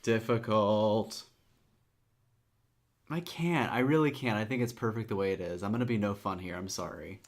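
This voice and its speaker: A man appearing as a guest on a movie podcast, talking casually with hesitant pauses. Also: on the low side.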